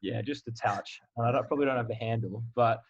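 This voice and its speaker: A man's voice: mid-range voice, fast talker, slightly rough, lo-fi sound. A young Australian man in his twenties, a college football player, chatting candidly as a podcast guest with lots of "like" fillers. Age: 20s. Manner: relaxed, candid, filler-heavy. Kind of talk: casual podcast interview.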